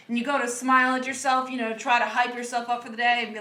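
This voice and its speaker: A woman's voice: on the high side, fairly even intonation, racing, hardly any pauses, sharp tone, roomy sound. A woman chatting crudely and casually as a podcast guest.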